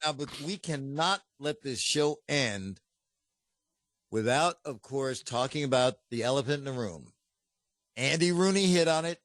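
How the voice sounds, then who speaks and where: A man's voice: mid-range voice, lively intonation, unhurried, a bit bright, no room sound, studio quality. A man co-hosting a podcast, chatting casually and teasing his partner. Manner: playful banter, teasing. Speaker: co-host. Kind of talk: casual chat.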